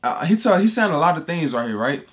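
A man's voice: a little high, big pitch swings, fast. Emphatic man preaching in slangy casual talk. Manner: emphatic and repetitive, slangy street talk, addresses listeners as bro. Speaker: Bible teacher. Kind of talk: casual scripture commentary.

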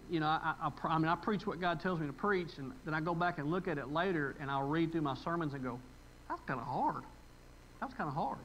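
A middle-aged man from preaches, high-pitched and bright-toned. He talks to the congregation in a folksy, emotional way and breaks into sudden louder bursts of emphasis. A faint hum of the room sits behind him. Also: poor audio. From West Tennessee. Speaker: pastor. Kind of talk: conversational sermon. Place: church sanctuary.

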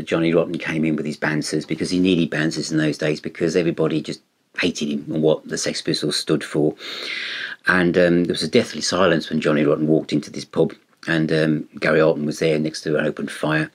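Low, husky-voiced man chatting loosely through an album review. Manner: rambling, conversational, many fillers and restarts. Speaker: music reviewer.

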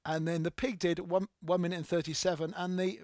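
A man's voice: high-pitched, little pitch movement, a little fast, darkish tone, no echo, studio quality. A man hosting a live maths show for children, cheerful and playful, laughing often and chatting with a child beside him.

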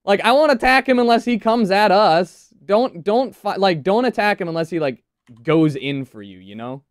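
Anxious woman giving quick game orders. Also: medium pitch, lively intonation, no room sound, studio quality. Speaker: gamer. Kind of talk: casual gameplay chat.

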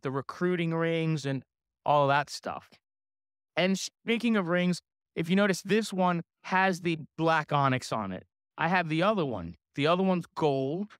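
A middle-aged man giving a motivational sales seminar, boastful and energetic, throwing questions to the crowd. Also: high-pitched, smooth, no room sound, clean studio sound. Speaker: sales trainer. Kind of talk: motivational seminar talk to an audience.

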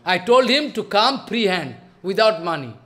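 A man's voice: high voice, sing-song, moderate pace, pushed and bright. A man giving a devotional lecture as a spiritual teacher, talking emphatically, scolding, and firing off rhetorical questions.

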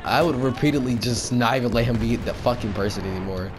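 A man's voice: medium pitch, quick pace. A young man gaming with a friend, laughing and swearing through casual banter. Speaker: gamer.

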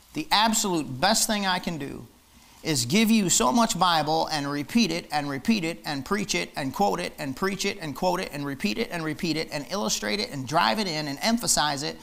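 A man's voice: high-pitched, vocal fry, fairly bright tone. A man preaching a fiery, emphatic sermon in church, hammering his points with repetition. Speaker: pastor.

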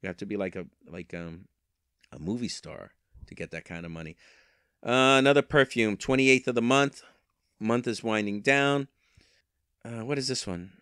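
A man's voice: on the low side, normal speed, long pauses, a bit bright, clean tone, dry recording, studio quality. A man in a casual vlog, talking through his online resale sales on a handheld microphone, rambling with wry, self-mocking asides. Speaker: eBay reseller.

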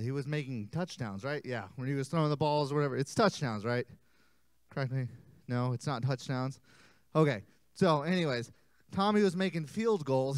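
A man teaching a children's church lesson as animated, playful storytelling, joking and interrupting himself. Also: a little high, dry recording. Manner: playful, self-interrupting, jokey.

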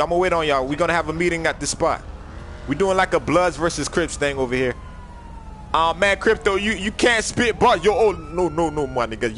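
Young man, gaming livestream, loud, joking, bossy, slightly high voice, faint background hiss. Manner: loud, joking, bossy, swings from shouting to mumbling. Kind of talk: casual gaming livestream chat.

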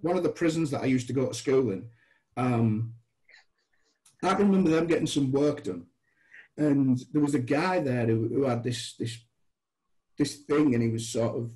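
A man from England chats as a podcast guest, telling long anecdotes and putting on voices for the people in them. His voice is warm and mellow. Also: medium pitch, normal speed, long pauses, poor audio. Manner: animated storyteller, acts out dialogue. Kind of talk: anecdotal storytelling.

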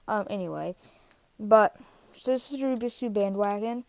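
A woman's voice: medium pitch, fairly quick, no echo. Rambling woman vlogging into a phone. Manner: rambling, full of fillers and asides. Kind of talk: casual vlog chat. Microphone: iPhone.

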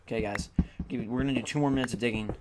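With a medium-pitched, steady voice, this tired young gaming YouTuber talks very fast in casual, chatty Let's Play commentary. He grumbles at the game, and the recording has loud background noise.

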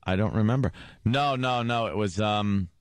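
A man's voice: lowish voice, normal speed, smooth, no room sound. A man co-hosting a radio talk show, talking in hesitant, laughing banter into a studio microphone. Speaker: radio co-host.

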